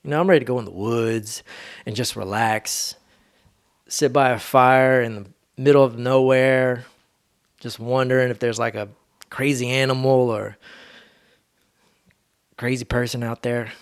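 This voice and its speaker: A man's voice: medium pitch, steady tone, unhurried, pauses often, smooth. A man hosting a solo podcast, talking in a rambling, laid-back, slangy way. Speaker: podcast host. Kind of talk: casual solo monologue.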